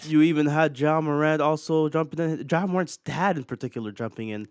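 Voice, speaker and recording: A man's voice: fairly high pitch, brisk, clear, resonant tone, no room sound. A man hosting a video, giving casual, joking commentary over clips. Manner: joking, chatty asides. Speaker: video host.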